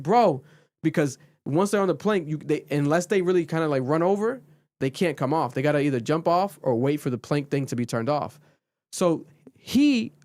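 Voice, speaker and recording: Brief: male podcast host, slightly high voice, lively and profane, close dry mic. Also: no echo. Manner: animated, profane storyteller who recaps shows. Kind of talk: casual podcast chat.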